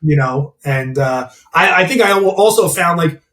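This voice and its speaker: A man's voice: on the high side, animated, moderate pace, fairly bright tone. A man who works as a mindset coach and gym owner, talking bluntly and candidly in a casual interview and swearing freely. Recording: roomy, distant mic.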